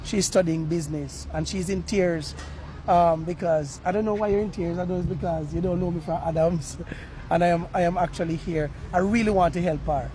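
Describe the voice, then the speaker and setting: A Jamaican man works as a street reporter outdoors on a university campus, earnestly pleading with viewers in an on-the-spot appeal and slipping into patois. His voice is high-pitched and dark in tone, holding steady at a normal speed. There is slight background noise.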